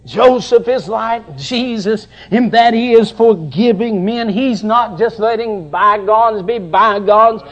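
A middle-aged man preaching a sermon with passion, dropping at times to soft, tender passages. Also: high voice, slow, hardly any pauses, highs cut off.

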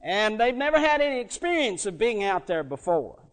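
A man preaching a sermon, telling a story and swelling from quiet, drawn-out words to loud emphatic peaks. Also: high-pitched, very animated.

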